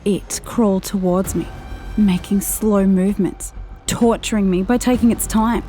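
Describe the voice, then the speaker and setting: A woman's voice: medium pitch, steady tone, faint music behind. Woman narrating a tense horror story. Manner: tense, hushed, slowing down and dropping to a whisper at scary moments. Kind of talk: scripted first-person horror narration.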